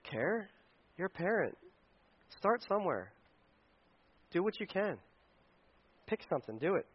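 In a high, sing-song, slightly rough voice, a man preaches unhurriedly to parents. His sermon is casual and joking, and he acts out little scenes in funny voices, all captured in a dull lo-fi recording.

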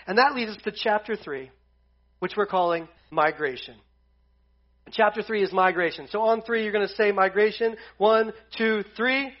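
A man's voice: high-pitched, moderate pace. A man teaching a casual Bible lesson to a group. He jokes as he goes and retells scripture in slang. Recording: dull lo-fi sound.

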